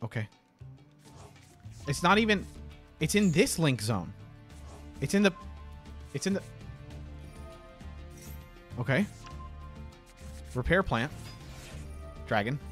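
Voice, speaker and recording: A man casually commentating card game replays, excitable and quick to burst into laughter. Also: fairly high pitch. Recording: faint background music.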